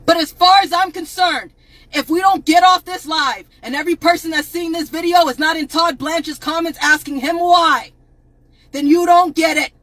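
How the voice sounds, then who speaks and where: A woman delivers a furious, profane rant live to her viewers, raising her voice into shouts again and again. Her voice sits high and sounds bright and sharp. The sound is dry, with no room echo. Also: moderate pace. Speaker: advocate on a livestream. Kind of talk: impassioned livestream rant.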